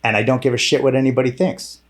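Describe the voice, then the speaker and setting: A man's voice: medium pitch, flat delivery, fast. Brief: middle-aged male guest, mid-range voice, frank, sweary, rambling, casual. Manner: blunt and profane, full of fillers and restarts. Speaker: podcast guest, director and former stunt performer. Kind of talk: candid interview conversation.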